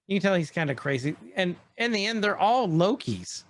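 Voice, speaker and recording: A man with a voice a touch higher than most rambles eagerly through a casual podcast chat. He retells scenes as he pauses the show, getting excited as he goes. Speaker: podcast co-host. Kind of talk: casual chat recapping an episode.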